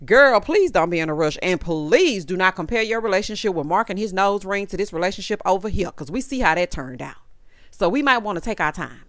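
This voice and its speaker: A woman, giving a sassy, animated reality TV recap and calling her viewers honey and child. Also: mid-range voice, brisk, no room sound, studio quality. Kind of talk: casual recap commentary.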